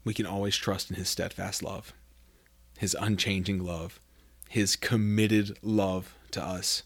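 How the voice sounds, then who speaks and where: A man's voice: low voice, level tone, measured pace. Male podcast host, conversational devotional teacher, plenty of "I mean" restarts, builds emphasis on scripture passages. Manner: conversational, reads scripture aloud with rising emphasis; self-correcting, many fillers like "I mean".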